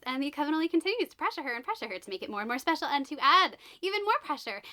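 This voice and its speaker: A woman's voice: high-pitched, pushed and bright. A woman vlogging a book unboxing in a chatty, gushing way, full of exclamations and asides.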